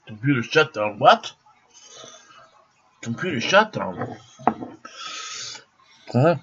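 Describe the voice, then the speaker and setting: A man vlogs from home beside his computer, rambling casually, repeating himself and swearing freely. His voice is lowish, slow and full of pauses, pushed and bright with a breathy edge, and the lo-fi recording sounds dull.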